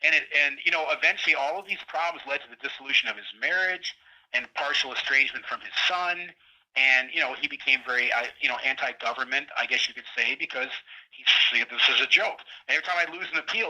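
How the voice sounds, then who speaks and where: A middle-aged man calling in as a guest, telling a long story in a rambling, animated way and acting out what others said. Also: medium pitch, fast talker. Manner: rambling, animated retelling with quoted voices. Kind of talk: casual storytelling interview. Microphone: phone line. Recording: tinny prison phone line.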